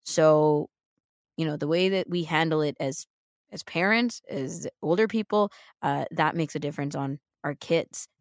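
Female co-host, slightly low voice, upbeat and emphatic, dry studio sound. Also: moderate pace, dry recording. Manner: upbeat, lots of "right?" and "like", emphatic. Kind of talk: casual chat.

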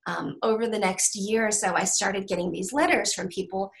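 Middle-aged woman author, super gravelly fry, keeps restarting her sentences, open and candid. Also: medium pitch, steady tone, poor audio. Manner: halting, with many restarts and ums. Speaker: author guest. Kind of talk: candid interview conversation.

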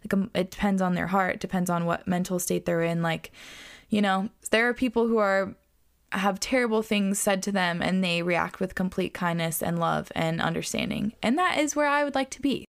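Chatty young woman podcaster, gravelly. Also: medium pitch, normal speed. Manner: chatty, reflective, lots of "like". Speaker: podcast host. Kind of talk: casual solo podcast talk.

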